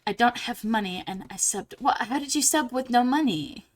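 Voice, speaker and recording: A young woman streaming live while drawing, chatting casually and getting bubbly and squealy when excited. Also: a little high, normal speed.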